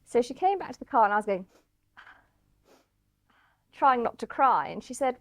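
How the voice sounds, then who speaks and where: A woman tells her rally story in an animated, anecdotal way. Her voice sits a little high and sounds dry, with little room around it. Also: fairly quick, no room sound. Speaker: rally participant. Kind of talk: storytelling interview.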